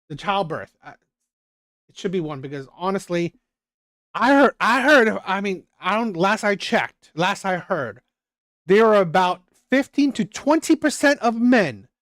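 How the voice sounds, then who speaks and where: Male commentator, emphatic, repeats himself, lively intonation, dry close mic. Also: high-pitched, no room sound. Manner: emphatic, repetitive, restarts sentences. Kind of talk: reaction commentary.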